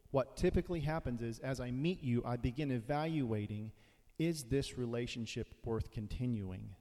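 A man's voice: medium pitch, warm tone. A man preaching a sermon in a conversational way, now and then acting out quoted voices. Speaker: pastor. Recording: long hall reverb.

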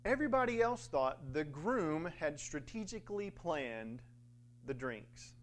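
A man's voice: a little high, sing-song, measured pace, a little hiss or hum. A man preaching a sermon in a conversational way, with fillers and little acted-out quotes.

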